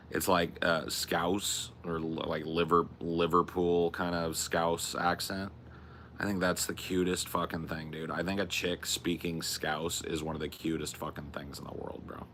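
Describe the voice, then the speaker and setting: A man's voice: sits low, bright, forceful tone, slight background noise. A young man co-hosting a podcast in loose, profane casual chat, saying dude and bro. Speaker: podcast co-host.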